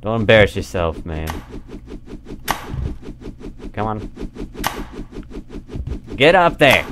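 A man's voice: on the low side, big pitch swings, very slow, long pauses. Chatty man commenting on gameplay. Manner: chatty, laughing, talks at the game. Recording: noisy compressed recording.

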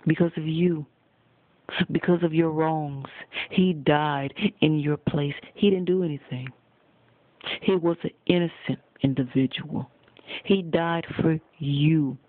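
A man preaching a sermon, addressing his listeners directly and accusingly at a deliberate pace. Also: on the high side, steady tone. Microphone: phone. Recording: tinny phone recording, dry.

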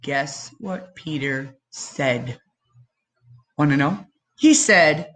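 During a children's message at church, a woman tells the story expressively, using dramatic pauses and asking the kids questions. Her voice sits low and has a sharp tone, and she is very animated.

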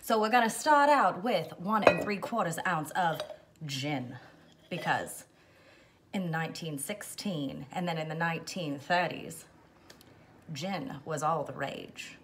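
Deep-voiced lady mixing drinks on her show, playful, doing a fake continental accent on and off, bit of hiss behind her. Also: slow pace, fairly bright tone. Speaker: cocktail show host. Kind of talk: casual how-to chat.

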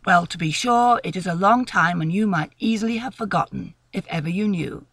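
A woman voicing a well-spoken young gentleman of the manor, politely pressing for answers. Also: lowish voice, a little fast, dry recording, voice pushed down. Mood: coaxing.

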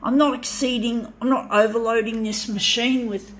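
A woman's voice: on the high side, steady tone, normal speed, fairly bright tone, rough recording. A woman with an Australian accent who grumbles sarcastically and swears freely in a casual ranting monologue, talking to her viewers over a copier. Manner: profane, sarcastic griping. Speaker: vlogger. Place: room with a running copier.

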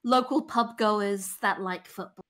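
A woman's voice: medium pitch, a little slow, a bit bright. A young woman, a guest streamer, chatting casually and playfully, often trailing off mid-sentence. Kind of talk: casual talk show chat.

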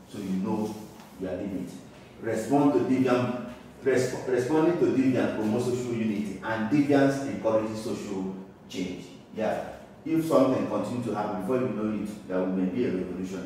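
A man's voice: fairly low pitch, a little mellow. A man with a Nigerian English accent giving a university lecture, explaining by repeating his points and chuckling now and then. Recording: very echoey room, distant mic, faint noise.

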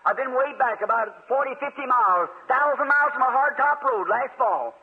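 A man preaching a sermon, telling folksy stories and acting out both sides of conversations with animated energy. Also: very high-pitched, fairly quick. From United States. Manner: animated, folksy storytelling, acts out dialogue, chuckles often. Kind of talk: sermon with storytelling. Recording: tinny lo-fi archival recording.

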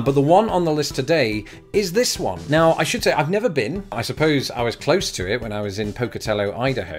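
A young English man hosting a casual vlog, talking with wry, self-deprecating asides. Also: mid-range voice. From England. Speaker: YouTube host.

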